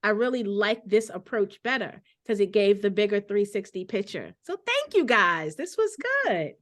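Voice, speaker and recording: A woman's voice: mid-range voice, sing-song, normal speed. Earnest woman hosting a discussion. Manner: earnest, reads viewer comments aloud. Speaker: host. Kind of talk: casual panel discussion.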